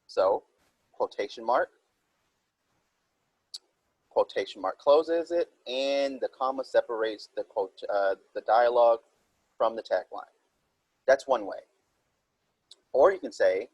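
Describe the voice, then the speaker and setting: A man's voice: medium pitch, slow, pauses often, husky, no room sound, highs cut off. A man teaching a recorded writing minilesson, explaining step by step and reading example sentences aloud.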